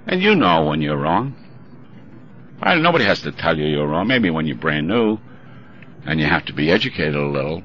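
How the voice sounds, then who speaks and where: A man's voice: rumbling low, very animated, normal speed, long pauses. A man, likely older, speaking bluntly and wryly at a recovery meeting. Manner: blunt, wry and confrontational. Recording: dull lo-fi recording with faint hiss.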